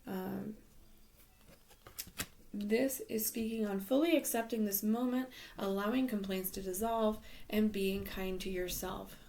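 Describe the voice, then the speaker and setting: A woman's voice: medium pitch, fairly even intonation, measured pace, vocal fry, dark tone, a little hiss or hum. A woman giving a tarot reading in a casual, advising way, losing her voice, with frequent ums and some half-whispered words. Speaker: tarot reader.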